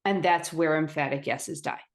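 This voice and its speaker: A woman co-hosting a podcast in casual conversation, reflective and measured. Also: deep voice. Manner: reflective, measured, affirming with short "mm-hmm"s. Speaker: podcast co-host.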